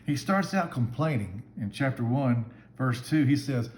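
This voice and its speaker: A man's voice: medium pitch, expressive, moderate pace, few pauses, darkish tone. A man giving a short devotional Bible talk as a church minister, speaking in an earnest, conversational way. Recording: echoey room with faint background hum.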